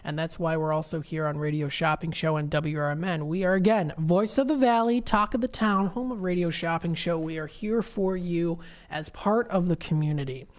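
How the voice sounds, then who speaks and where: A woman's voice: fairly low pitch, fairly even intonation, moderate pace, hardly any pauses, darkish tone. A woman hosting a local radio shopping show, chatting casually and reading event listings off websites with many fillers. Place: radio studio.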